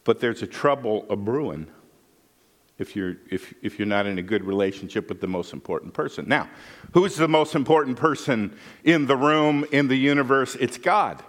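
A middle-aged male pastor delivers a sermon in a relaxed, folksy way, weaving in personal stories. His voice sits at a medium pitch, and he keeps checking in with his listeners with a quick "right?". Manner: folksy, conversational, with frequent "right?" asides. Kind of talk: sermon with storytelling.

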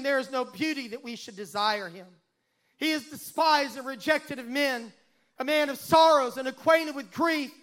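A male pastor with a strikingly high voice delivers a dramatic sermon and reads scripture aloud. He swells into loud, emphatic peaks and then drops to a near hush.

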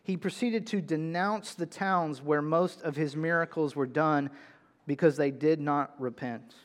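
A man preaching a sermon, reading scripture and explaining it, with emphatic, drawn-out shouts on key words. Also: a little high, long reverb tail. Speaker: pastor.

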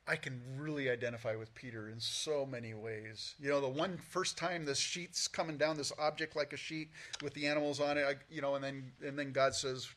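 A man pastor teaching verse by verse in a relaxed, folksy way, with many fillers and restarts. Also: mid-range voice, brisk, hardly any pauses. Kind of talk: conversational Bible teaching.

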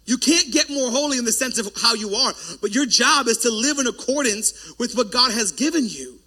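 A man preaching a sermon as pastor, loud and forceful, breaking off for joking asides to the congregation. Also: extremely high pitch, animated, moderate pace.

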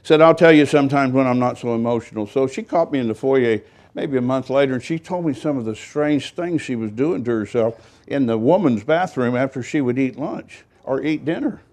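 A man's voice: mid-range voice, fairly quick, a little mellow. An older man, a pastor, telling a story in a rambling, folksy sermon with self-deprecating humor.

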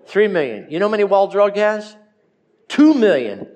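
A man preaching a sermon as pastor, telling folksy stories with jokes and slowing down to stress his points. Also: high voice, very animated, a little mellow. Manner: storytelling, folksy and joking.

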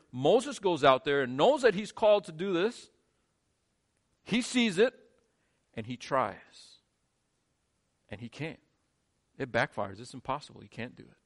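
A male pastor preaching a sermon, shifting between quiet, low lines and emphatic, rising ones.

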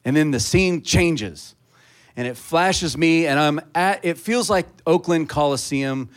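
A man preaching a sermon, telling a personal story in a casual, conversational way that builds to loud, fervent preaching. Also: on the high side, a little slow. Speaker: pastor.

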